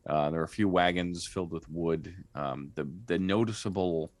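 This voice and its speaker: A man narrates a tabletop game as its game master, his voice low and slightly mellow at normal speed, with no room sound. His scene descriptions are hesitant, full of fillers and restarts.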